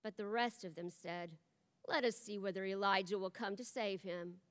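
A woman giving an expressive reading of scripture in church, her voice rising for the quoted cries. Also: mid-range voice, moderate pace, clean tone. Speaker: scripture reader. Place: large church hall. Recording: long hall reverb.

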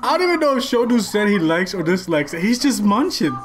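Animated man reacting to a clip. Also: high voice, a little fast. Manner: excitable, slangy, breaks into laughter. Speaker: reaction video host. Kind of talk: casual reaction commentary.

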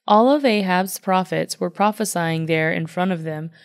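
A woman reading a Bible passage aloud in steady, even narration. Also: on the low side, normal speed. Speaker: Bible reader. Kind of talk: scripture reading.

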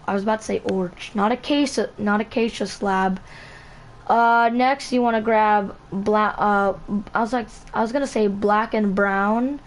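A woman hosting a casual game building tutorial, talking in a halting way, correcting herself and repeating item names as she goes. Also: mid-range voice. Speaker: channel host.

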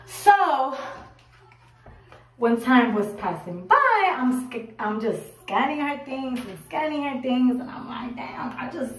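Casting note: twenties woman, lively slangy storyteller, slightly high voice, set back from the mic in a roomy space. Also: slow pace. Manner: animated, acts out her own quotes, swears casually. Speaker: vlogger. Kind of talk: casual storytime. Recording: roomy echo, a bit far from the mic.

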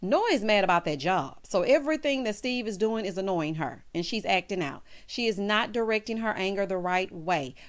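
A woman giving a sassy, animated recap of a reality show, quoting the couples in put-on voices. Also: mid-range voice, moderate pace, few pauses. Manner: sassy, animated, quotes people in character voices. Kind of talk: casual commentary recapping an episode.

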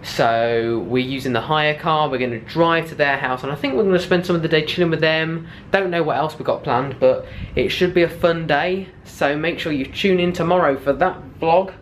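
A man's voice: fairly high pitch, moderate pace, hardly any pauses, poor audio. A young man, chatting casually to the camera in an upbeat travel vlog, with lots of fillers. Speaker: vlogger. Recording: loud outdoor ambient noise.

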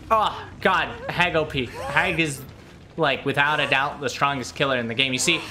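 A young man giving excitable, trash-talking gameplay commentary, swearing freely as he plays. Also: fairly high pitch. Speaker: gaming video creator.

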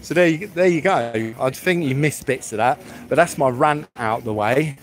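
A man's voice: mid-range voice, moderate pace, slight background noise. A man live-streaming from a public street, talking bluntly and swearing as he rambles through a rant.

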